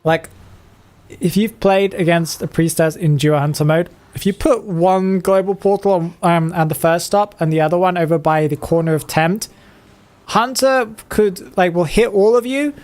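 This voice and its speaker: A streamer commentates viewers' matches live, chatty and casual, slipping into a playful made-up accent with rolled R's. His voice sits high and has a darkish tone, at a moderate pace.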